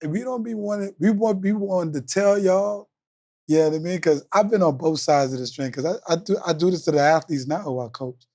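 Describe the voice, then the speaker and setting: A man's voice: on the high side, a little fast, mellow. A middle-aged man, a coach and co-host, talking in a teasing, laid-back way in a casual sports chat.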